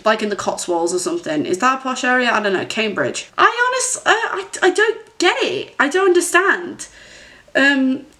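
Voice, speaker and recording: A young woman talking straight to camera in a loose, chatty vlog. Her voice sits a touch higher than most, and she rambles through her opinions with asides and giggles. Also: a bit bright. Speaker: vlogger. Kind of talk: casual film commentary vlog.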